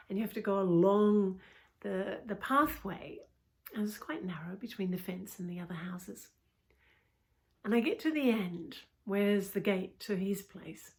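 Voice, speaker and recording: A middle-aged woman coach telling a personal story in an intimate way, with frequent "you know" asides and drops into a whisper. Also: mid-range voice.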